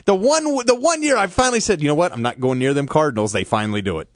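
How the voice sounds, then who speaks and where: A man's voice: on the high side, expressive, fast talker, no room sound, clean studio sound. A man co-hosting a casual sports talk show, arguing his points emphatically. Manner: emphatic, argumentative. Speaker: co-host.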